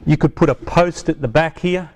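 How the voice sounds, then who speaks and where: This product presenter has a fairly high-pitched voice and speaks at a moderate pace. He's outdoors in the heat, casually demonstrating the product by hand, chatting as he explains each step and fixing his own slips along the way.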